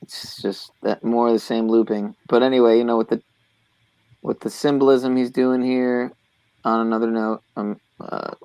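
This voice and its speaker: A man's voice: medium pitch, level tone, moderate pace, a little mellow, clean tone, dry recording. A man talking in a casual online panel chat, meandering and trailing off.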